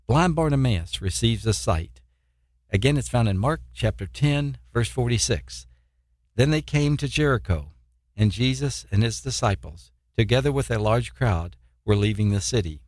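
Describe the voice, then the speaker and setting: A man's voice: medium pitch, lively intonation, moderate pace, darkish tone, no echo, studio quality. A man preaching an informal sermon in a plain, earnest way, often restarting his sentences. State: eye pain, poor sleep.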